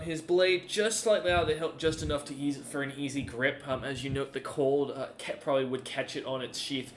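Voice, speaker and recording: A man narrating a tabletop game as game master, talking in halting bursts with many ums and restarts. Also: mid-range voice, a bit bright, slight background noise.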